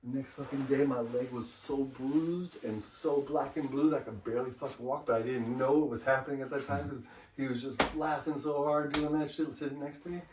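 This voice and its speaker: A man's voice: medium pitch, fairly even intonation, fairly quick, reverberant, background noise. Man telling profane stories, far from mic. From Los Angeles. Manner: profane, laid-back storytelling with frequent "you know". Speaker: graffiti artist guest. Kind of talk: casual storytelling interview.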